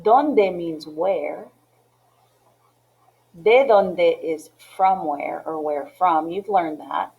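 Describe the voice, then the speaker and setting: A woman teaching a class in a patient, step-by-step way. Her voice sits slightly low, and she keeps checking in with "okay?" and "right?" as she goes. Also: extremely slow, vocal fry, phone-quality sound. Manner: mixes English with Spanish phrases. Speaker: Spanish teacher. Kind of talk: classroom lesson walkthrough.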